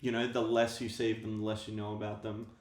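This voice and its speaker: A man co-hosting a podcast who gives measured, dry opinions on films in casual talk. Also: lowish voice, level tone. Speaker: podcast co-host. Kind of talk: casual film discussion. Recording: roomy echo.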